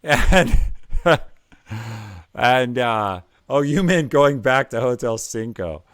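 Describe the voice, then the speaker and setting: A man's voice: mid-range voice, animated, slow pace, a bit bright, clear, resonant tone, dry recording, clean studio sound. A middle-aged man hosting a live stream with career advice, chatty and jokey, rambling with ums and uhs. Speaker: livestream host giving career advice. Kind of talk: casual live-stream chat.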